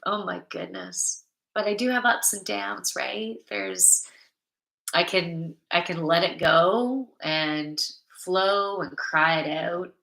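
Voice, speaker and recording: This middle-aged woman's low, creaky voice comes across pushed and bright as she hosts a casual livestream. She chats and reads viewer comments aloud, and the recording has an echoey room sound.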